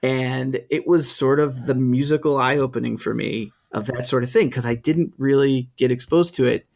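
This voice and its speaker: A man's voice: mid-range voice, moderate pace, creaky, a little mellow. A middle-aged man co-hosting a podcast, talking casually and hesitantly with lots of ums and restarts. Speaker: podcast co-host. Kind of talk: casual chat.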